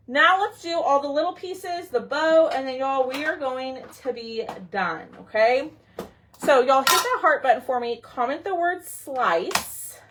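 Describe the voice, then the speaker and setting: Slow-talking chatty woman. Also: high-pitched, a bit bright, a little hiss or hum. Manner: chatty, talks to viewers and her pets while working. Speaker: craft livestream host. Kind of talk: casual craft tutorial livestream.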